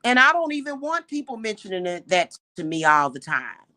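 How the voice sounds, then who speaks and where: A woman hosting a livestream, ranting indignantly at her viewers with exasperated rhetorical questions and slow, emphatic repetition. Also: mid-range voice, big pitch swings, bright, forceful tone, no echo. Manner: repeats points slowly and emphatically. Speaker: livestream host.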